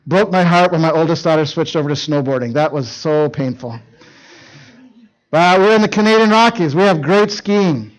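High-voiced storytelling male preacher. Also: normal speed, rough recording. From northern Minnesota. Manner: animated, shifts from hushed to loud shouting in stories. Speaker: youth speaker. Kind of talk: storytelling sermon.

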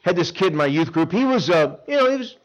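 A middle-aged man preaching a sermon to teenagers at a camp chapel, swinging between loud emphatic lines and hushed earnest ones. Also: high voice, big pitch swings, fast, lo-fi sound.

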